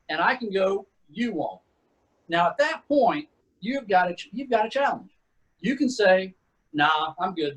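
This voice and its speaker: A man's voice: high voice, breathy edge, rough recording. A middle-aged man, a retired Army sergeant, telling war stories in a laid-back, casual way and calling people "man" and "dude". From Texas. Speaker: retired Army sergeant first class, guest. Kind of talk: casual storytelling.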